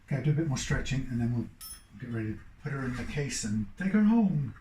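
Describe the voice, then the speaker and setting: Male guitar tech, mid pitch, mellow, rambling workshop commentary, roomy sound. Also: big pitch swings, fast. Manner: rambling, thinking aloud as he works. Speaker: guitar technician. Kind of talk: casual workshop commentary while working. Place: repair workshop bench.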